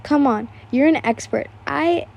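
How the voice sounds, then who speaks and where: A woman's voice: high-pitched, unhurried, creaky, darkish tone. Woman reading as a brash, pushy schoolboy. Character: brash pushy boy student.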